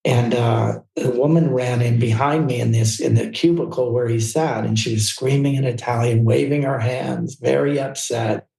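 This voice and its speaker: A man's voice: moderate pace, creaky, hardly any pauses. A man in his sixties from California, telling anecdotes as a guest in a casual interview. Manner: animated anecdotes, acts out quoted people in a higher voice. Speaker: guest, fashion photographer. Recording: roomy, distant mic.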